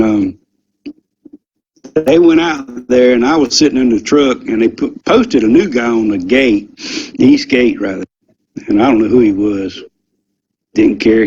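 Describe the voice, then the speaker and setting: An older man with a drawl tells his story in a loose, rambling way, filling pauses with ums and the odd curse word. His voice sits at an ordinary middle pitch. The recording sounds dull and lo-fi. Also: darkish tone, breathy edge. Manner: rambling, folksy, with frequent ums and mild swearing. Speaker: interview guest, former military security policeman. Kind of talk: casual storytelling recollection. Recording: dull lo-fi audio.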